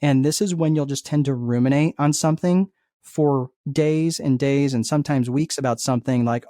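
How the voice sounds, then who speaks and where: A man speaking as a guest coach, explaining ideas in an energetic, conversational way, acting out inner thoughts and often checking in with "right?". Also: medium pitch, normal speed, no echo, clean studio sound. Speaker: guest life coach and entrepreneur. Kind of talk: conversational teaching.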